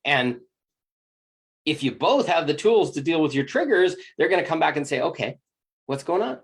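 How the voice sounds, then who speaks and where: A spiritual teacher giving a motivational talk, acting out inner voices with gasps and lively swings in tone. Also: medium pitch, moderate pace, husky.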